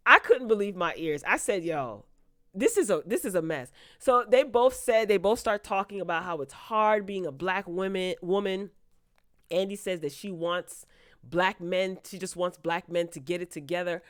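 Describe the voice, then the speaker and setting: A woman's voice: on the low side, lively intonation, moderate pace, fairly bright tone, no echo, studio quality. Exasperated woman recapping a TV episode. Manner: incredulous, exasperated commentary with sarcastic asides. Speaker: TV recap vlogger.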